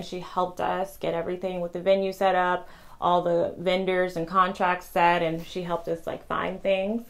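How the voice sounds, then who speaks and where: A young woman vlogger chatting casually about her wedding, rambling and fast with many ums and restarts. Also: fairly low pitch. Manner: talks fast. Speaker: vlogger sharing wedding tips. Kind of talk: casual chat to camera.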